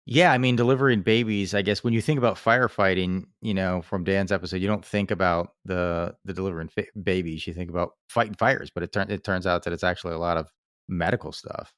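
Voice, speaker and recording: A man co-hosting a podcast, chatting casually and reacting quickly to stories. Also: deep voice, steady tone, fairly bright tone, clear, resonant tone, no room sound, studio quality. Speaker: podcast co-host. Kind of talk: casual chat.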